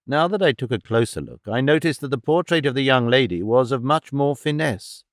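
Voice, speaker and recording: A man narrating an audiobook in a measured, even storytelling manner, recorded on a studio microphone. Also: medium pitch, dry recording. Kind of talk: scripted narration.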